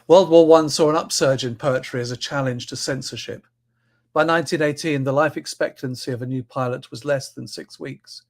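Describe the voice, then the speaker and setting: A man giving a talk at a livestreamed event, reading and introducing poems, stressing lines strongly and letting phrase ends fall soft. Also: medium pitch, a little fast. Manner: expressive reader, swings between loud stresses and soft trailing ends. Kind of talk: spoken talk with poetry readings.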